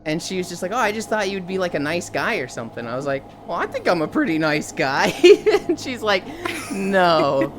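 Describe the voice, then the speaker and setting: A lively woman streamer telling stories to her chat, her voice sitting low but swinging widely in pitch. She jumps into exaggerated mock voices whenever she quotes someone. Music plays clearly underneath. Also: a little fast, hardly any pauses. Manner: animated storyteller acting out quotes in loud mock voices. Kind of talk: casual live-stream chat.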